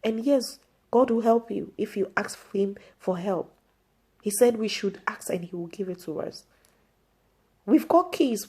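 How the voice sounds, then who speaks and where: A woman's voice: mid-range voice, warm tone, husky. A woman vlog host giving an earnest inspirational faith talk to camera, repeating her pleas.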